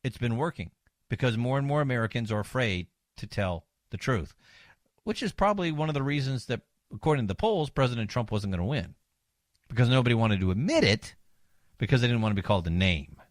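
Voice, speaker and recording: A man hosting a talk radio show as a fill-in, delivering an animated, sarcastic monologue into a studio microphone. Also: medium pitch, brisk, no echo. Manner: animated, sarcastic, mocks opponents.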